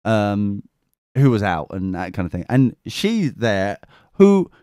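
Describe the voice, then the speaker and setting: A young English man co-hosting a podcast, telling a sweary, animated story in a casual chat. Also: on the low side, takes it slowly, no room sound, studio quality. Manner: sweary, animated anecdote with mimicked voices. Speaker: podcast co-host.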